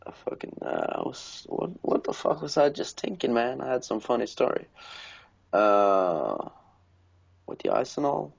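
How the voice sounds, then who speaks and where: A Norwegian man co-hosting a podcast casually tells profane stories, laughing as he goes. His voice is lowish and creaky, and the recording is dull and lo-fi.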